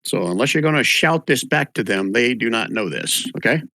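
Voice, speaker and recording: A man's voice: mid-range voice, animated, fairly quick, sharp tone, dry recording. Man running a tabletop game, dry sound. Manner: loose, chatty narration with fillers. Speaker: game master.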